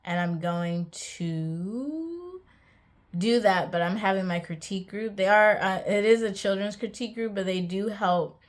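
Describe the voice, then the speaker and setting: A woman's voice: mid-range voice, a little slow. A young adult woman vlogging casually about her writing, chatty and hesitant with many ums. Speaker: author vlogger. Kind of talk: casual vlog monologue.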